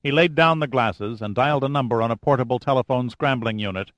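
A man narrating an audiobook thriller in a steady, measured voice. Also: medium pitch, dry recording. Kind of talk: scripted narration.

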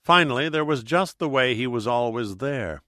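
A man reading an audiobook in steady, measured narration. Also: mid-range voice, dry recording, clean studio sound. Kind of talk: scripted narration.

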